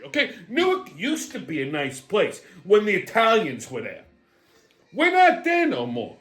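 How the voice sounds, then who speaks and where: Loudmouth guy ranting about the news, cussing nonstop, voice bouncing all over. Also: high voice. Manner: profane, brash, sarcastic. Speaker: host. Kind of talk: comedic political rant.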